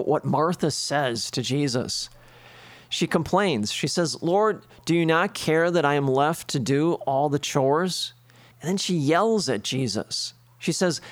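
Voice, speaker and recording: A man's voice: fairly high pitch, no echo. A priest preaching a sermon, earnest, building his points with lists and rhetorical questions.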